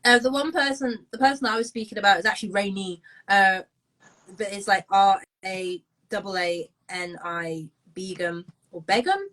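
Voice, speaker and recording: A woman's voice: medium pitch, normal speed, fairly bright tone, rough recording. A young woman in her twenties with a London accent, chatting casually as co-host, rambling with lots of ums and restarts. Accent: London English. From London, England. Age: 20s. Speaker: co-host, musician. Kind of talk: casual video-call chat.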